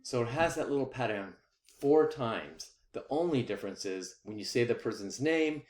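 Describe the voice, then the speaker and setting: A man's voice: medium pitch, expressive, moderate pace, music in the background. Man teaching rhythm in an echoey room. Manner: explains patiently, counts beats aloud. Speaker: music teacher. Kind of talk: recorded music lecture.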